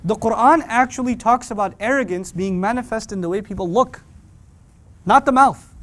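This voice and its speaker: A man teaching a Quran class for young adults, lively and joking, often acting out parents and teens. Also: sits high, moderate pace.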